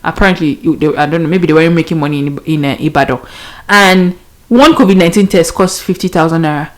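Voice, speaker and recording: A woman's voice: low-pitched, fast. A young Nigerian woman hosting a podcast, telling a story casually and animatedly, laughing often and mixing in pidgin. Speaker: podcast host.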